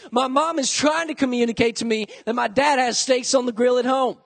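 A young adult man preaching a sermon to youth and college students in a lively, joking, conversational way. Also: very high voice, moderate pace, vocal fry, hardly any pauses, in a large hall. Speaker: youth pastor.

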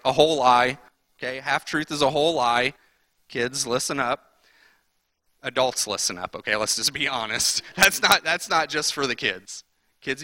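A man preaching a sermon in a conversational way, acting out the people in the story with quick voices. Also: on the high side, sharp tone, no room sound. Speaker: pastor.

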